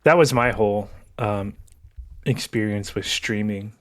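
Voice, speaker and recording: A man's voice: on the low side, a little slow. A man as a podcast guest in casual chat, laid-back, drawing out his phrases and restarting them often.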